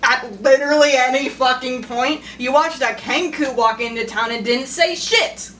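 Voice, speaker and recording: A woman's voice: sits high, moderate pace, a bit bright, distant mic, slight background noise. A woman playing a tabletop game, blunt and sweary with frequent laughs. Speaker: player. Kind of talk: casual tabletop play.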